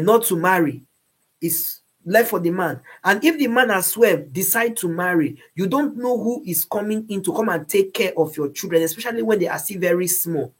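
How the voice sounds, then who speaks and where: A woman's voice: medium pitch, breathy edge. A woman with a Nigerian accent giving earnest moral advice, slipping into Pidgin phrases and repeating words as she searches for them.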